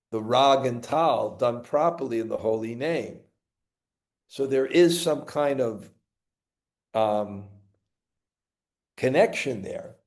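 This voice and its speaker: Teaching scripture in a Brooklyn accent, a man keeps stopping, repeating words and starting over. He has a slightly mellow, mid-range voice.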